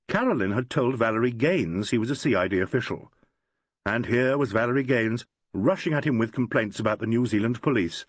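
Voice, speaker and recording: Male audiobook narrator, lively intonation, very dry close sound, measured delivery. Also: mid-range voice, no echo. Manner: measured, expressive storytelling. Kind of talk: scripted narration.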